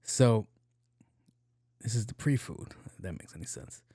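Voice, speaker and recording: A man hosting a podcast, telling a comedic story in a casual, profane, animated way and acting out the dialogue. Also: on the low side, unhurried, husky, dry recording, clean studio sound. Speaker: podcast host.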